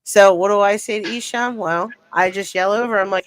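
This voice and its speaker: A young woman tells a story in loose, casual chat. She is animated and profane, with quick bursts of laughter running through her talk. Her voice sits in a middle pitch. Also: rough recording. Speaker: podcast guest.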